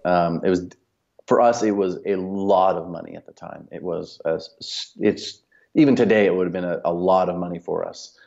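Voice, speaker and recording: A man's voice: sits low, steady tone, moderate pace, gravelly, a little mellow, dull audio. A man, a company cofounder, telling a long anecdote casually as a podcast guest, full of fillers and quoted dialogue. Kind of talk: casual storytelling.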